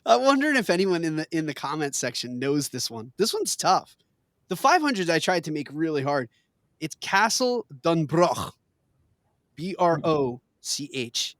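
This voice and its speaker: A man's voice: fairly high pitch, very animated, normal speed, a bit bright, no room sound. A man hosting a casual trivia game, reading questions with playful emphasis and laughing often. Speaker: quiz host.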